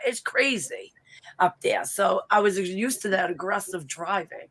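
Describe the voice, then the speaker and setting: A woman with a thick Boston accent telling stories in a casual video-call chat, animated and blunt, swearing and laughing often. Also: mid-range voice, unhurried, vocal fry, slightly rough, low-quality recording. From Boston area, US. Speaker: interview guest.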